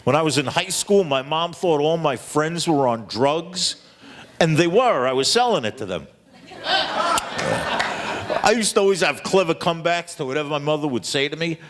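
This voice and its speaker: A man's voice: a little high, big pitch swings, moderate pace, fairly bright tone, slight background noise. A man performing a stand-up comedy set with punchy delivery, laughing at his own jokes.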